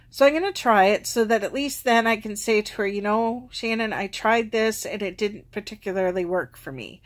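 Chatty woman telling a personal story. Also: medium pitch. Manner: chatty and self-deprecating, laughing at herself. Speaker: vlogger.

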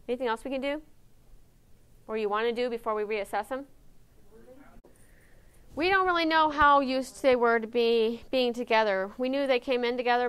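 A woman giving a conference lecture on animal behavior, lively and engaging, often checking in with her audience with questions. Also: on the high side, clean tone. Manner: lively, asks the audience questions, frequent "right?".

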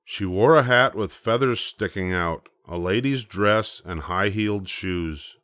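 Deep-voiced grandfather reading a story. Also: no room sound, clean studio sound. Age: older. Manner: slow, gentle, measured narration. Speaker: storybook reader. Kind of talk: bedtime story read-aloud.

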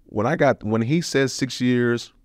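A man's voice: medium pitch, unhurried, no echo, clean studio sound. A man telling his own story as a podcast guest, blunt and profane, with emotional swings. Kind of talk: candid personal storytelling.

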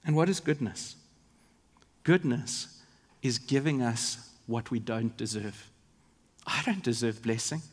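A South African pastor preaches a sermon in a large church, speaking slowly in a medium pitch and pausing often. He's earnest and vivid, with asides to the congregation, and the church hall gives a long reverb.

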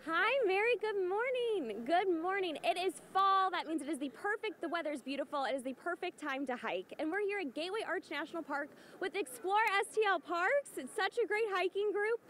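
Bubbly high-voiced woman reporter outdoors. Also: expressive, brisk, hardly any pauses, a bit bright, a little hiss or hum. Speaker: TV field reporter. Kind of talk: live outdoor TV segment. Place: outdoors at a city park.

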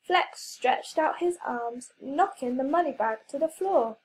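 A woman reading a children's story aloud, clear and expressive. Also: sits high, unhurried, poor audio.

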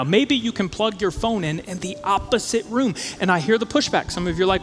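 A man preaching a sermon as a pastor, conversational and animated, acting out the voices of his listeners. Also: high voice, brisk, hardly any pauses. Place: church auditorium. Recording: church hall reverb with faint music.

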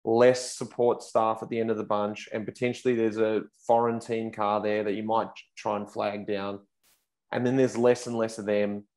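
A low-voiced man in his thirties tells a story on a podcast in a casual, chatty way. He acts out what people said with bursts of raised, excited voices. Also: moderate pace. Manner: animated, acts out quotes in raised voice. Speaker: podcast guest, pro cyclist.

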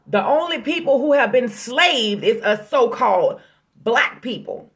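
A woman's voice: a little high, lively intonation, a little slow, fairly bright tone. A woman giving a casual, emphatic sermon to her online viewers, calling them family in a folksy way. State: out of breath. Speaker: online preacher. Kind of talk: casual prophetic sermon vlog.

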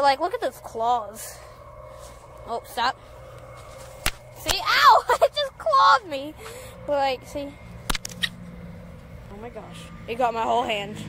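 A young woman vlogs outdoors on a farm in a high, bouncy voice that leaps up and down as she rambles, giggling and filling her talk with "like". The recording is noisy, with goats and sheep bleating behind her. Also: pushed and bright. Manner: rambling, giggly, lots of "like" fillers. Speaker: farm vlogger. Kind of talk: casual vlog.

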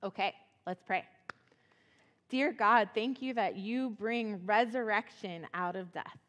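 A woman telling a Bible story as a children's sermon, in a casual, animated way, acting out the quotes. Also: medium pitch, slow. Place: church sanctuary. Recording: long church reverb.

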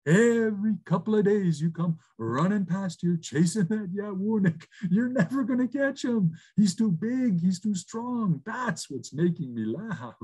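A man voicing a wise old male spirit who teases slowly and with amusement, over a video call. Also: sits high, animated, mellow, breathy edge, pitched above the performer's own voice, exaggerated voice. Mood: amused. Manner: amused, teasing, slow and drawn out.

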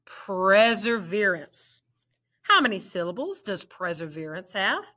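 A woman teacher leading a children's reading lesson, drawing out each word slowly and praising the learners warmly. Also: mid-range voice, animated, a little hiss or hum. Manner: slow, drawn-out word drills with encouraging praise.

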